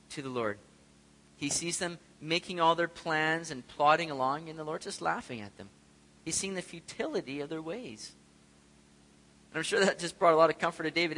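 A long hall reverb surrounds a man preaching as pastor, his fairly high voice brisk, pushed and bright. He chats with the congregation and throws rhetorical questions at them, with a little hiss or hum in the background.

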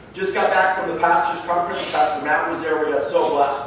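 A man preaching a sermon as a pastor, telling stories in an animated way and acting out the dialogue. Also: high-pitched, fast, hardly any pauses. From Canada. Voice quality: animated storyteller who acts out the dialogue in his stories. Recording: very echoey hall, mic far off, faint background noise.

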